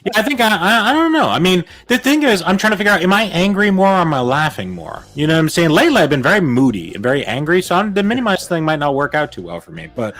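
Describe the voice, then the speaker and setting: Animated joking man host. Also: on the high side, quick pace, hardly any pauses. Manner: joking, rambling, asks "you know what I mean?". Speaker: co-host of a live stream. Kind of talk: casual chat, would-you-rather questions.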